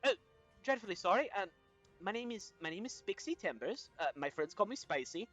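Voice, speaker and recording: A fussy little gnome woman chatters on in a high, bright voice, forever apologizing and trailing off, as a man puts her on. She sounds polite and scattered, a scholar more at home with books. She stays in the voice of a tabletop game character. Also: big pitch swings, fairly quick, lo-fi sound, faint music behind, full character voice. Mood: flustered.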